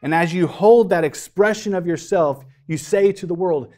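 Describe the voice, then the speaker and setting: Lively man preaching a casual sermon. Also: sits high, normal speed. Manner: dramatic storytelling, casual asides. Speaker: pastor.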